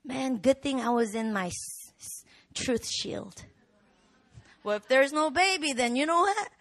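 A woman pastor preaching a sermon, animated and rising to shouts in the swells of her message. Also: high voice, measured pace. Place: church hall.

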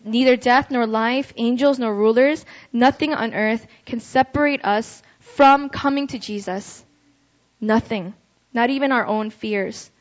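A young woman gives a relaxed, conversational sermon in a fairly high voice, tossing in frequent "right?" check-ins as she talks. The recording sounds a bit dull and lo-fi, with the top end muffled. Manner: chatty, ends phrases with "right?". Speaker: preacher. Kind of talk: casual youth sermon.

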